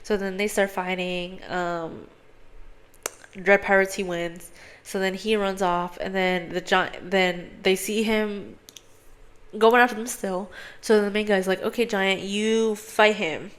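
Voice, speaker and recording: A woman's voice: mid-range voice, a little slow. A young woman hosting a podcast, casually retelling a film's plot in a rambling way, full of "like" and swearing and acting out the characters. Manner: rambling, heavy on "like", frequent swearing; animated storyteller who acts out characters' lines. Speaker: podcast host.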